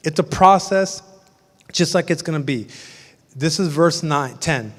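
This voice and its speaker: A man's voice: on the high side, expressive, unhurried. A man preaching a sermon as pastor, telling the story conversationally with humorous asides. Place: church sanctuary. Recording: long church reverb.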